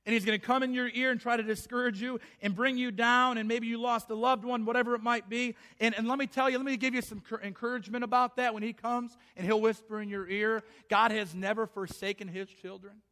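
A middle-aged pastor delivers an impassioned sermon in a high, bright voice. He often acts out the voices of the people in his story, shifting between them and his own preaching. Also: level tone, fairly quick, hardly any pauses.

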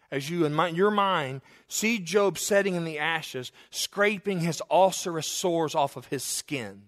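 A middle-aged male pastor preaching in a fairly high voice. He moves between loud, stressed lines and low, quiet asides. He tells stories from the pulpit in a folksy way. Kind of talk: sermon.

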